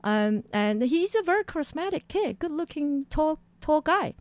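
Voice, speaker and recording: A woman's voice: sits high, normal speed, dry recording. Woman telling her story. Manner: animated, acts out quotes in a raised voice. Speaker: interview guest. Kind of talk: personal storytelling in an interview.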